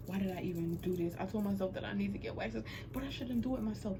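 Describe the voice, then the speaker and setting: A young woman vlogger talks quickly with few pauses in a mid-range, steady voice, with background noise present. Filming a casual vlog in a small room at home under a ring light, she chats playfully with viewers and giggles through her nerves.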